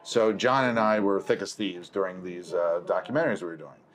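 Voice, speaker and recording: A man's voice: low-pitched, a little fast, crowd noise. A male film producer telling a long story in casual conversation, correcting himself as he goes and acting out the dialogue. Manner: rambling, self-correcting, acts out quoted dialogue.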